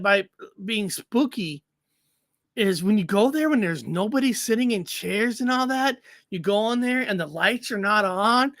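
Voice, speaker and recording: Chatty co-host, male, who repeats words and laughs a lot; bright, forceful tone, dry mic. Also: high-pitched, dry recording. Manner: rambling, stammering repetitions, frequent laughs. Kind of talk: casual chat.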